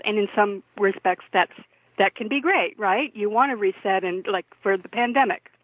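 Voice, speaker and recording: Woman co-host on a phone line, tinny and dry, animated and incredulous, laughing through her talk. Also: mid-range voice, normal speed, no echo. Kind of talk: political commentary chat.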